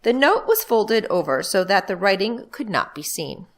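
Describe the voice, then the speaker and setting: A librarian reading a children's book aloud, a woman telling the story in a lively way. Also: medium pitch, moderate pace.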